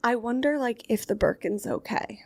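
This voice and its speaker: A woman's voice: on the high side, normal speed, darkish tone, dry recording, studio quality. A young adult woman co-hosting a podcast, chatting frankly and telling stories with lots of fillers. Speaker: podcast co-host. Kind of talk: casual chat.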